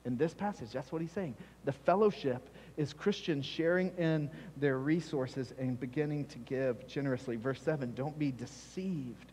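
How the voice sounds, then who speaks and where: Emphatic pastor preaching in a reverberant church. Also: male voice, medium pitch, normal speed, hardly any pauses, darkish tone, a little hiss or hum. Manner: emphatic, repeats key phrases for stress. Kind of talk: sermon. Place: church sanctuary. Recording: long reverb of a church hall.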